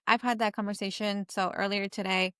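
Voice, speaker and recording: A woman's voice: mid-range voice, steady tone, fairly quick, bright, forceful tone, smooth, dry recording, clean studio sound. A woman in her thirties co-hosting a podcast, talking candidly and emotionally and mixing Spanish phrases into her English. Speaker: podcast co-host. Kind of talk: casual chat.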